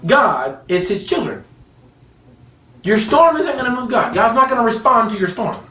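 Animated preacher man, echoey room. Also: high-pitched, moderate pace. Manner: animated, joking, laughs often. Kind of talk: sermon. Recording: echoey room, mic at a distance.

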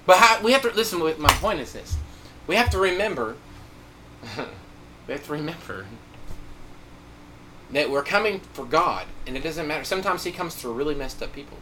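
A man preaching a sermon, telling a story with animated delivery and acted-out quotes. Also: fairly high pitch, normal speed, long pauses, noisy background.

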